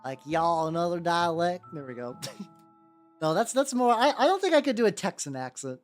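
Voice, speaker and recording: Streamer, mid-pitched, rambly live-stream chatter over faint background music, loose and unscripted. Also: wildly swooping pitch, brisk. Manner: rambling, many fillers and self-restarts. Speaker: miniature painting streamer. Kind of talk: casual live-stream chat while painting.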